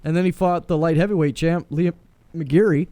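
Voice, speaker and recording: A man's voice: on the high side, fairly even intonation, moderate pace, mellow, dry recording. A man with the hiccups co-hosting a podcast, eagerly rattling off fight records in casual sports chat. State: has the hiccups. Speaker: podcast co-host.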